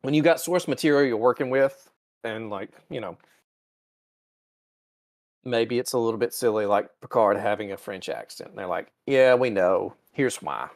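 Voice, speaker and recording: A man's voice: on the low side, expressive, moderate pace, a little mellow. A man co-hosting a podcast, chatting casually and profanely, often slipping into mocking voices. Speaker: podcast co-host. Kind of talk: casual chat.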